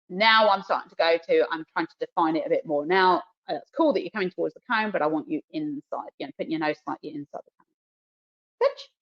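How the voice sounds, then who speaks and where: A woman with a New Zealand accent, a dog trainer teaching a live demonstration. She explains each step and breaks off to cue and praise her dog softly. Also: mid-range voice. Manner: explains while cueing the dog, soft praise. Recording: dull lo-fi webinar audio.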